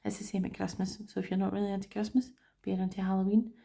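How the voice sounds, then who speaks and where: British lady rambling away on her budget vlog, bit of a gravelly fry, laughs at herself. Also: mid-range voice, little pitch movement, racing, dark tone. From United Kingdom. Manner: chatty and rambling, with self-mocking asides. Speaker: budgeting vlogger. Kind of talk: casual chat to camera.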